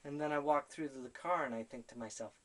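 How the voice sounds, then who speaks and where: Man at middle pitch, animated storyteller who acts out his own dialogue, self-mocking laugh. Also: fast. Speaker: spiritual storyteller. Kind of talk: personal story told to camera.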